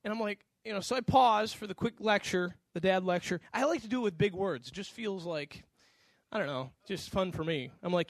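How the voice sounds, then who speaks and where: A man's voice: high-pitched, a little fast, no room sound. A man preaching a sermon, animatedly telling a personal story about his son and acting out the voices. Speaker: pastor.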